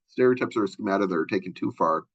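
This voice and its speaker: A man's voice: fairly low pitch, fast, slightly rough, highs cut off. A male college instructor giving a conversational recorded lecture, full of fillers and asides.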